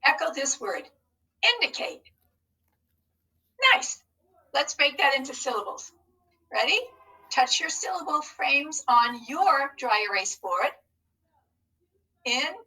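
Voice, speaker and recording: A woman teaching a phonics lesson on video, breaking words into syllables slowly and encouraging the class. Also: high voice, expressive, bright, forceful tone, distant mic, rough recording. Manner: slow, encouraging, modelling each syllable.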